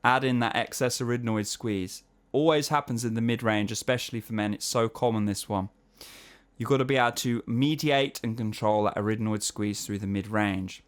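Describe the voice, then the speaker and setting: A man's voice: on the low side, fairly quick, clear, resonant tone. A man teaching singing in a casual, chatty way. He explains technique, then sings short vocal exercises to demonstrate. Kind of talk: online singing lesson answering viewer emails.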